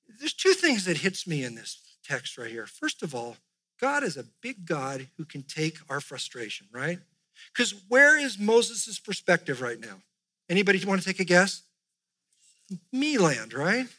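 A male pastor preaching, reading scripture aloud with rising emphasis and dropping to soft, quiet asides. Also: high-pitched, sing-song, unhurried. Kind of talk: sermon.

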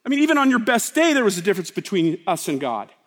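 A man preaching a sermon, swinging between loud emphasis and hushed, slow lines. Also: sits high, very animated. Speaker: pastor. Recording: long hall reverb.

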